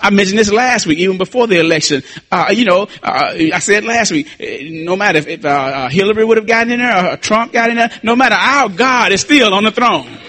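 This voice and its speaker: High, bright-voiced preaching man. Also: expressive, a little fast, few pauses. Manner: repetitive call-and-response preaching, shouting at peaks. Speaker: pastor. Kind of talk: sermon.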